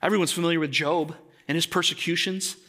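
A man's voice: on the high side, steady tone, quick pace, sharp tone. A man in his thirties preaching a sermon to a congregation in a conversational way, often asking them questions. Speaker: pastor. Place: church.

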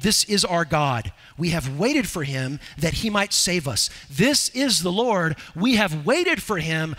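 Male preacher, bright forceful tone, expository sermon, church hall with long reverb. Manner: swings from loud, urgent exhortation to low, quiet earnestness. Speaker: pastor. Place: church sanctuary.

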